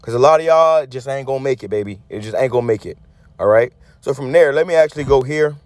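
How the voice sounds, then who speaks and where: A man's voice: mid-range voice, fast talker, no echo. A man preaching in a heated, blunt, profane way, commenting on a news clip with frequent restarts and a repeated tag word. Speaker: street preacher. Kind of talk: angry sermon-style commentary on a news clip.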